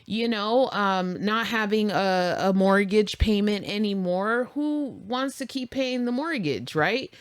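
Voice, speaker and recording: A woman's voice: medium pitch, slow pace, few pauses, no room sound. A woman co-hosting a podcast in casual chat, candid and chatty, laughing easily and swearing now and then. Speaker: podcast co-host.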